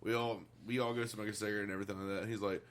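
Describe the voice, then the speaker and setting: A man's voice: on the low side, level tone, very fast, fairly bright tone. A man telling work stories in casual podcast chat, laughing often and swearing freely. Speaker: podcast co-host.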